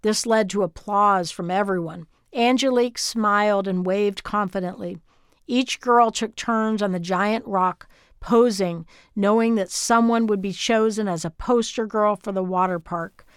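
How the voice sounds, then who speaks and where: Brief: female memoir narrator, smooth and clear, steady middle pitch, even delivery. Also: measured pace, no echo, clean studio sound. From Texas, US. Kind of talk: scripted audiobook narration.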